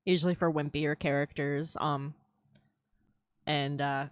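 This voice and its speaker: A woman's voice: sits low, fairly even intonation, a little slow, dry recording, studio quality. A woman chatting casually while drawing on a live stream, swearing freely and laughing easily. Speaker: streaming artist. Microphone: headset.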